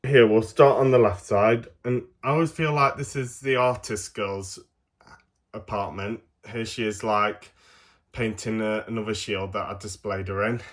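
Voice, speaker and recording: A man's voice: lowish voice, fairly even intonation, unhurried. An English man with a cold giving a casual toy review, rambling with many fillers and frequent laughs. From England. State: has a cold.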